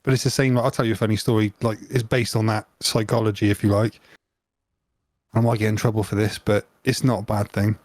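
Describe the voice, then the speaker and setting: A man's voice: on the low side, level tone, fairly quick, darkish tone, dry recording. A man, co-hosting a podcast with teasing jokes and casual banter. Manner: joking, teasing interjections. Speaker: podcast co-host.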